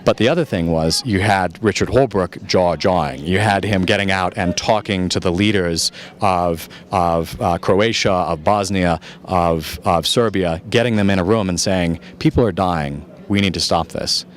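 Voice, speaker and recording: Calm low-voiced man. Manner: calm and measured; thoughtful, searching for words. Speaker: journalist answering audience questions. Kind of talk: Q&A after a film screening.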